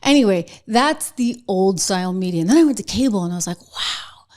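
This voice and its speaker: A middle-aged woman hosting an online commentary show, talking casually to camera, animated and sarcastic, with frequent laughs. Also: mid-range voice, fast. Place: home studio. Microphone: close mic facing a camera.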